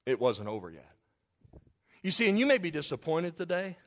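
A male preacher delivers a sermon in a high voice that leaps up and down constantly. He keeps it conversational and joking, acting out the figures he tells about. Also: moderate pace. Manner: animated and conversational, with humorous asides; acts out the figures in the story.

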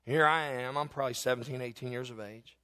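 A man preaching a sermon as a pastor, telling a personal story and building to fervent, shouted exhortation. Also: mid-range voice, steady tone, quick pace, clean tone, in a large hall.

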